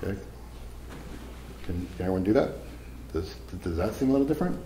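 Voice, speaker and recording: A man's voice: low voice, expressive, fairly quick, warm tone, roomy sound, a little hiss or hum, rough recording. A man giving a live seminar talk to an audience, casual and profane, telling stories as he goes. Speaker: seminar speaker.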